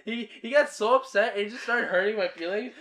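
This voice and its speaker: A young man with a high voice, talking playfully in a casual chat. He acts out what other people said and giggles through his stories. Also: fairly quick, sharp tone.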